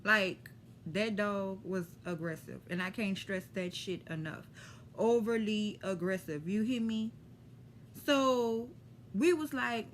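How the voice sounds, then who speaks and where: A woman with a New Orleans accent telling a story to camera in a lively, profane, slangy way. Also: medium pitch, slow, a little hiss or hum. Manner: animated, profane, street slang. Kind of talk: casual storytime.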